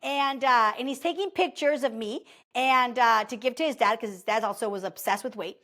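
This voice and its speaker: Woman in her 30s on a podcast, chatty motivational talk, kinda high voice, lots of "like" and "okay?". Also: moderate pace. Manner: chatty and animated, full of "like" and "okay?". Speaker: podcast host. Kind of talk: casual motivational monologue.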